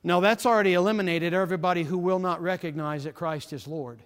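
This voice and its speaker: Male preacher, emphatic sermon delivery, somewhat raised pitch, scripture-quoting. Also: steady tone, fast talker, clear, resonant tone. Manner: emphatic, rising to impassioned pleading; quotes scripture chapter and verse.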